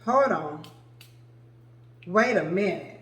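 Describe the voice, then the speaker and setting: A woman's voice: on the low side, lively intonation, slow pace, fairly bright tone. Brief: forties woman, chatty fragrance vlogger, gushy and familiar, roomy echo. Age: 40s. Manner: chatty and gushing, calls viewers "girl" and "y'all". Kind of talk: casual chat to camera.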